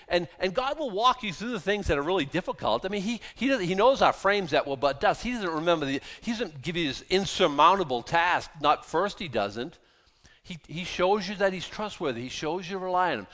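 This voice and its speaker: Animated male pastor preaching. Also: high voice. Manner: animated, emphatic repetition. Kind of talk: sermon.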